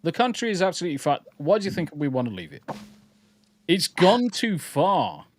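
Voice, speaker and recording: A man's voice: on the high side, big pitch swings, normal speed, dry recording. A man hosting a casual podcast, reading the live chat and ranting bluntly with plenty of swearing. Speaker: podcast host.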